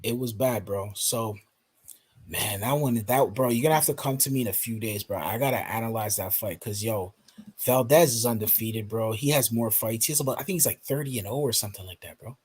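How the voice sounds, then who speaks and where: Laid-back husky man chatting. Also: medium pitch, brisk, darkish tone. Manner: laid-back, says bro and man a lot. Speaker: panelist. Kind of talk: casual podcast chat.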